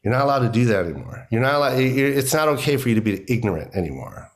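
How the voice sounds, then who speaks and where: A man's voice: mid-range voice, sing-song, quick pace. A middle-aged American man, a comedian being interviewed, talking emphatically and animatedly with many "you know"s. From United States. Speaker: guest comedian. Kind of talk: conversational interview.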